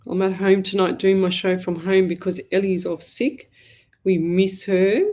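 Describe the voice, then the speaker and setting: A woman's voice: mid-range voice, level tone, measured pace, darkish tone. A woman hosts a live psychic medium show from her home. She rambles in a chatty, informal way, full of fillers and little asides.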